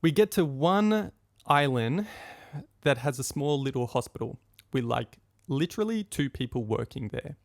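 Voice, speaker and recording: Gravelly young man telling a story. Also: mid-range voice, normal speed, no room sound, clean studio sound. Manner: animated, acts out quotes of friends and his own past thoughts. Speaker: podcast host. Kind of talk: personal storytelling monologue.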